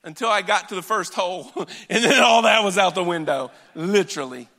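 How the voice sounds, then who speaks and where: A man preaching a sermon in an earnest, emphatic way, swinging between loud declarations and hushed asides. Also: sits high, fairly quick, few pauses. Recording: long hall reverb.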